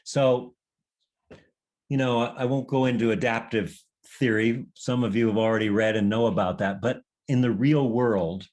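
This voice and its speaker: A man's voice: medium pitch, steady tone, normal speed, darkish tone. A man leading a workshop session in a reflective, conversational teaching style, meandering and often restarting his sentences. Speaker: workshop leader.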